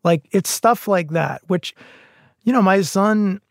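Earnest, gravelly-voiced middle-aged man. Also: high voice, no room sound, studio quality. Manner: earnest, halting, many restarts. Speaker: podcast guest. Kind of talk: casual conversation.

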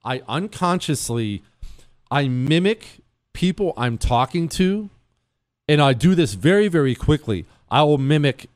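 A middle-aged man from Ohio hosts a radio talk show with a playful, self-mocking streak. His slightly high voice swings widely as he jokes with his producer. The studio sound is close and dry. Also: expressive, a little slow, dry recording. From Ohio, USA. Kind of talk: casual radio show banter.

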